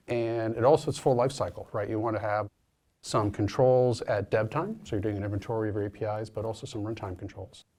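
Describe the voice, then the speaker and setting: A man's voice: on the low side, darkish tone. A man with a Boston accent, co-hosting a casual chat as an industry analyst, chatty and thinking aloud. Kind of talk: casual discussion.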